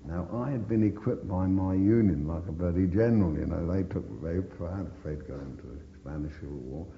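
An older veteran recounts his wartime experiences in an oral history interview, blunt and swearing constantly. His voice is deep and brisk, with a little hiss or hum, and the recording is dull and echoey from a reverberant room.

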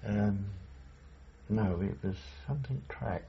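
Slow and somewhat low, with vocal fry, an elderly veteran drifts through his war memories for an oral history interview, hesitating and chuckling along the way. The dull lo-fi audio has a faint hiss or hum.

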